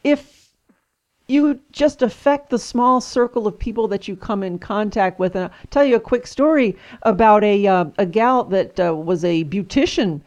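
Female radio host, gentle and conversational, affirming in tone. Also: mid-range voice, normal speed. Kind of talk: radio interview.

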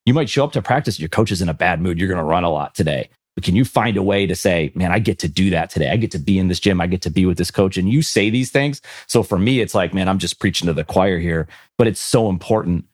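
A man's voice: low voice, quick pace, no room sound, studio quality. A man hosting a podcast interview, asking his questions in an encouraging, enthusiastic way. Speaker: podcast host.

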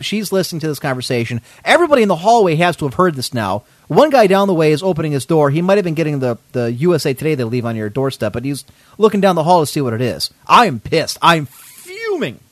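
Guy ranting a story on his podcast, lots of ups and downs, kinda high voice, swears a lot. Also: quick pace, no room sound. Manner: animated, indignant, swears often. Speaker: podcast host. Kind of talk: casual storytelling.

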